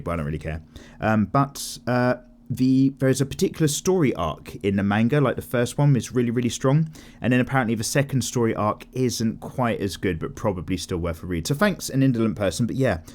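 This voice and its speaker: A man in his thirties, an art channel host, chatting casually while he draws and reads viewer comments, rambling and animated, swearing casually and acting out quotes. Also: mid-range voice. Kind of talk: casual chat while drawing.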